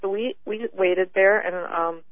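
A woman's voice: mid-range voice, steady tone, no echo. Earnest woman caller over a phone line. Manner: earnest, halting storytelling with many restarts. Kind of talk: call-in radio chat.

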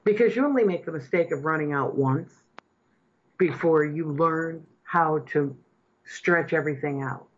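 A woman's voice: sits low, measured pace, highs cut off, slight background noise. Impassioned female talk radio host. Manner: earnest, impassioned, building to emphatic points. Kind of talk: political talk radio commentary.

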